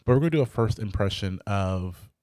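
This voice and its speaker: Low-voiced chatty male podcast host. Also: animated, a little fast, darkish tone, no echo, studio quality. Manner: rambling, chatty, drops the odd swear word. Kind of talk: casual chat.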